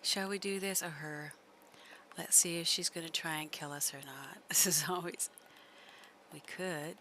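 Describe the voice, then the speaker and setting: A woman's voice: lowish voice, steady tone, unhurried, pushed and bright, a little hiss or hum. A woman streamer giving chatty live gameplay commentary, laughing often and coaxing her horse along.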